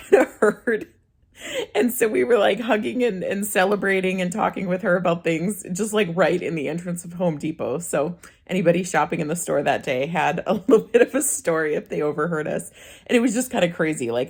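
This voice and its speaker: A woman in her thirties, a vlogger telling a personal story in a chatty way to camera, with easy laughs and restarts. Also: sits low. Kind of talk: casual chat to camera.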